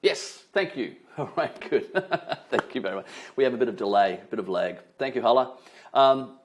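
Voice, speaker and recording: A man trainer giving a lively online webinar, leaning on emphasis and tag questions like "right?", speaking over a video call. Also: mid-range voice, moderate pace, lo-fi sound.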